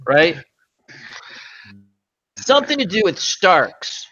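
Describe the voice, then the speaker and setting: A man hosting a casual online chat show, rambling between jokes and quick asides. His voice is bright and forceful and swings widely in pitch. The sound is a little dull and lo-fi. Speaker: host.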